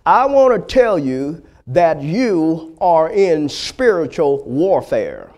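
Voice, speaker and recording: A male preacher with a high-pitched voice delivers a sermon. He tells the story vividly and keeps turning to speak straight to his listeners. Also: takes it slowly, few pauses. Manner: lively storytelling, dramatic, speaks straight to the congregation. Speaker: pastor.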